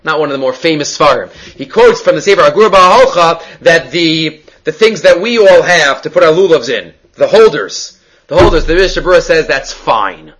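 A man giving a Talmud class, explaining quickly and with energy, mixing in Hebrew and Aramaic terms. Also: a little high, animated, fairly bright tone, rough recording. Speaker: Talmud teacher.

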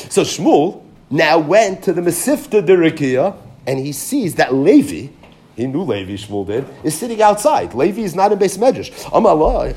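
A man giving a Talmud class, reading each line of the text, then translating it and retelling it with animated emphasis. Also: on the high side. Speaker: Talmud teacher.

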